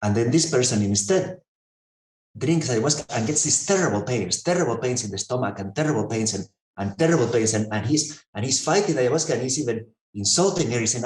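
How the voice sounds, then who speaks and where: Halting storytelling man, roomy echo. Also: medium pitch, lively intonation, a little mellow. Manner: halting, many restarts and fillers, storytelling. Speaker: researcher and interviewer. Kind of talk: conversational storytelling.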